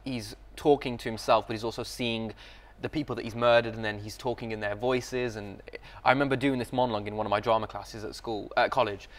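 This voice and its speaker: A man's voice: mid-range voice, steady tone, fast talker. A young man, an actor guest reflecting casually in an interview and laughing easily.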